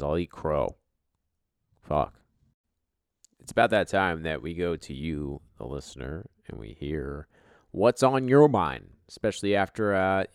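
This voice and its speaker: A man hosting a casual fantasy football podcast, joking and swearing, often trailing off quietly. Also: extremely low pitch, gravelly, no echo, clean studio sound. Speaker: podcast host. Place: home basement.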